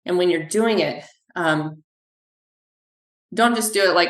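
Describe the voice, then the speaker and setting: A woman with a fairly low voice speaks as a physical therapist guest in an interview. She tells animated stories and acts out what people said to her. The recording carries the echo of a room. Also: measured pace, pauses often. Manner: animated, acts out quoted dialogue. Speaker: physical therapist, clinic owner. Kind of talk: podcast interview, conversational storytelling. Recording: echoey room.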